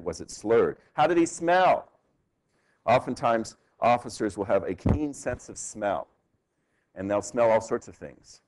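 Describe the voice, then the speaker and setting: Lively male law professor lecturing. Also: lowish voice, low-quality recording. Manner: conversational, frequent tag "right?", animated rhetorical questions. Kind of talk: classroom lecture. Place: university lecture hall.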